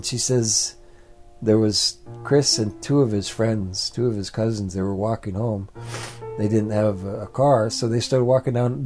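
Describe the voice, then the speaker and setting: Man, oral storyteller, mellow tone, repeats phrases for effect, faint guitar underneath. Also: medium pitch. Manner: repetitive, building phrases.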